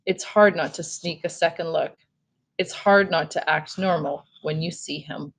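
Woman reading a novel aloud, lowish voice. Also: steady tone, moderate pace. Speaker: read-aloud host.

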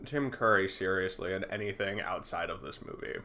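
Bright, animated man cracking jokes. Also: low-pitched, fairly quick. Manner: joking, sarcastic asides. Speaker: podcast co-host. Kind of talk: casual chat.

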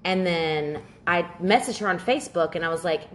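A woman with a somewhat low voice chats casually as a podcast co-host. She tells long stories with energy and lively quoted lines, and swears freely as she goes. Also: a little fast, hardly any pauses, a little hiss or hum. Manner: animated storytelling, swears freely. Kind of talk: casual chat.

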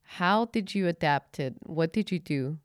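A woman hosting a podcast interview, asking measured, curious questions. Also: sits low, lively intonation, clear, resonant tone, dry recording, clean studio sound. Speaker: podcast host.

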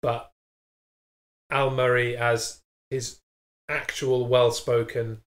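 A man co-hosting a live-streamed chat show, wry and teasing in quick banter. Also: mid-range voice, flat delivery. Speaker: co-host.

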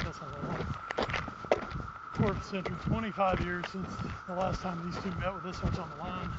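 Out-of-breath man talking while hiking. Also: sits high. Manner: talks while walking uphill, puffing. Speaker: podcast co-host. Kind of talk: casual sports talk. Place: outdoors on rural hills. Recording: muffled phone audio with loud outdoor noise.

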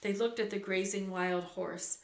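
Slow-reading woman in an echoey room. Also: medium pitch, fairly even intonation, vocal fry, a little hiss or hum. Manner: unhurried reading with occasional self-corrections. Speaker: reader. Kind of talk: reading a children's book aloud. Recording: roomy echo.

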